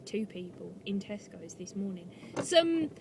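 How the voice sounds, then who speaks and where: Chatty young woman over loud street noise. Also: on the high side, brisk. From France. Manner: laughing, chatty storytelling. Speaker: vlog co-host. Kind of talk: casual chat. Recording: loud noisy outdoor ambience.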